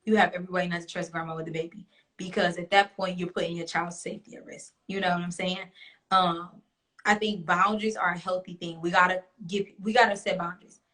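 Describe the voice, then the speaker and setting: A woman's voice: fairly low pitch, fairly even intonation, fairly quick, bright, forceful tone. A young woman hosting a talk show, chatting bluntly with an audience, swearing freely and laughing often. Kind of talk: casual chat to a live audience.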